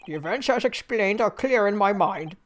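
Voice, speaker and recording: A woman's voice: mid-range voice, expressive, normal speed, slight background noise, pitched above the performer's own voice, lightly acted. A woman voicing a haughty aristocratic male prosecutor in a game, pompous and clipped.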